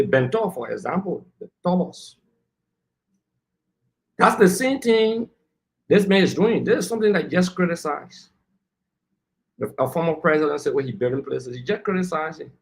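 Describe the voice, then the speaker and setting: A man, arguing heatedly as a panelist on a political talk show and lecturing the people who cut in. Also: a little high. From Liberia. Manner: combative, lecturing, talks over interruptions.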